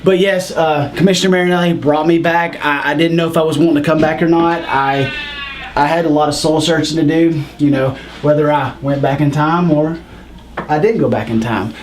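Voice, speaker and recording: A man cutting a wrestling promo in character. His voice sits a little high, and his delivery stumbles and rambles before it turns boastful. Faint background noise hangs under him. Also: steady tone. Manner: rambling, halting then boastful.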